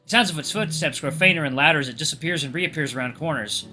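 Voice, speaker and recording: A young man reading a visual novel aloud with casual asides, expressive and lively. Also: a little high, fast talker, over music. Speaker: gaming YouTuber.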